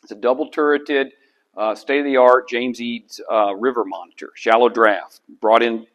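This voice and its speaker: A middle-aged man, a historian lecturing to a club about slides, conversational and animated with frequent restarts. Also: mid-range voice, moderate pace, muffled recording. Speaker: historian and author giving a talk.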